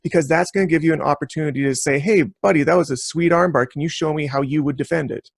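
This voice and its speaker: A man's voice: a little high, fast talker, gravelly, slightly rough, no room sound, clean studio sound. A man co-hosting a podcast in casual chat, walking through his advice step by step with a joking edge. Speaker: podcast co-host.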